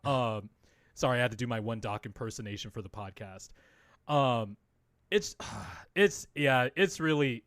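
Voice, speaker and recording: A man's voice: mid-range voice, no echo, clean studio sound. A man hosting a casual basketball podcast, talking in a rambling way and laughing often. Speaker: podcast host.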